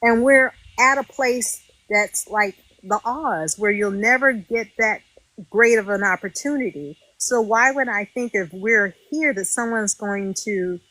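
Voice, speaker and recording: A woman, a former reality show contestant, telling her story in a casual interview, animated and indignant, acting out what others said. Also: mid-range voice, dry recording, poor audio. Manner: animated and indignant, acts out quotes.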